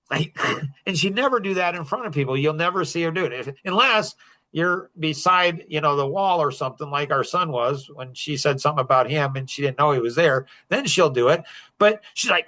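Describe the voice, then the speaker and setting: A middle-aged man hosting a podcast, telling a personal story to a small group in an animated way, chuckling often between points. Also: a little high, moderate pace. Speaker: podcast host.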